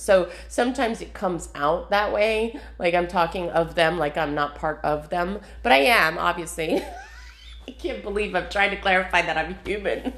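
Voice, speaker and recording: A woman with a somewhat low voice talks casually through her meditation steps, rambling and full of fillers. Her voice rings in an echoey room. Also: fairly bright tone. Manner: chatty, rambling, laughs often, many fillers. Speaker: spiritual practice vlogger. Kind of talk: casual spoken meditation walkthrough.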